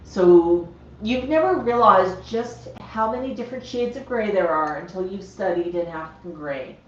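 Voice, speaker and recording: A woman livestreams casually from a room at home with her parrots, speaking to them and explaining their habits. Her mid-range voice is expressive and moves at a normal speed. The audio is echoey, a touch dull and lo-fi, with slight background noise.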